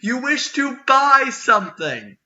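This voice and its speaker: A man voicing a commanding female orc chieftain, loud, slow and domineering. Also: on the high side, sing-song, lo-fi sound, heavily acted. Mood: brusque.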